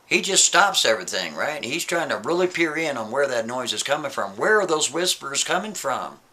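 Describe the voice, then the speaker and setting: A man's voice: mid-range voice, very animated, moderate pace, bright, forceful tone. A man telling a spooky story in a casual way, often checking in with the listener. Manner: casual, keeps asking "right?".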